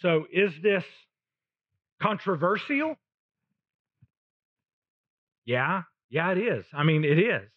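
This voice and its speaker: Slow, high-voiced preaching man. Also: big pitch swings, no echo, lo-fi sound. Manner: slow, emphatic, with long pauses between phrases. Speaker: pastor. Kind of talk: sermon.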